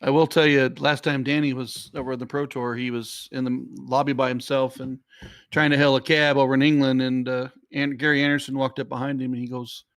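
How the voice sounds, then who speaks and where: A man with a gravelly, mid-range voice commentates on darts and ribs his partner with dry jokes. The sound is close and dry, with little room around it. He calls the throws plainly between the banter. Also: medium pitch, level tone, brisk, a bit bright, no echo. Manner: teasing, dry humor. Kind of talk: live sports commentary banter.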